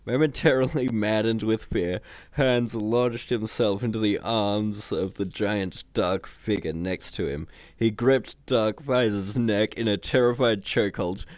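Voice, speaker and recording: A man's voice: lowish voice, steady tone, measured pace, darkish tone, dry recording. A man casually reading a comedy book aloud on a livestream, chuckling at the jokes in an unpolished delivery. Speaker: reader. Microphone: home computer mic on a livestream.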